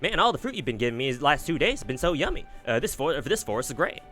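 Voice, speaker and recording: A man's voice: a little high, big pitch swings, fast talker, sharp tone, faint music behind. A man voicing an eager, chipper young woman in a mock Southern accent, often tripping over the lines. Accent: mock American Southern. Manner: chipper, rambling, stumbling over words. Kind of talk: reading game dialogue aloud with voices.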